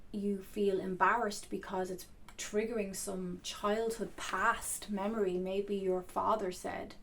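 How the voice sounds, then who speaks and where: A woman coach talking softly and earnestly to camera in an unhurried, reflective way. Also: medium pitch, creaky.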